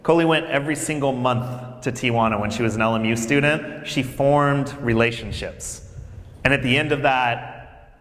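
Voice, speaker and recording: Guy giving a chatty storytelling talk to freshmen, mid-pitched voice, big roomy hall. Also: normal speed. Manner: lively, conversational, storytelling, addresses the audience directly. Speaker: campus minister for faith and justice. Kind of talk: speech to incoming freshmen at orientation. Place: large hall. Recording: echoey hall with long reverb.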